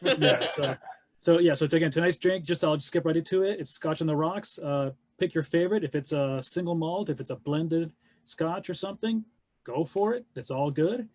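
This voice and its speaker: A man co-hosting a casual live webcast, talking haltingly with many restarts. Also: on the high side, darkish tone, dry recording. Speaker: co-host.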